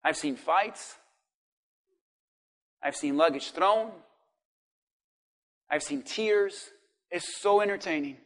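A male pastor preaching a sermon, acting out the cries of people with sudden shouts. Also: fairly high pitch, slow pace, long pauses. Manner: dramatic, acts out voices of people in hell.

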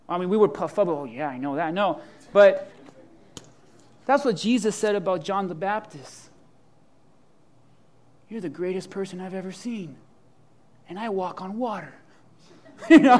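A man preaching a sermon with humor and imagined dialogue, swinging from loud to hushed. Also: sits high, moderate pace, long pauses. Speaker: pastor.

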